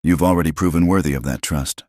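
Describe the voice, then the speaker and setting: An earnest, determined frontier widow, read by a man raising his very deep voice. She speaks plainly in a storybook telling, recorded close and dry. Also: fast, darkish tone, no echo. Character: determined young widow rancher, warm.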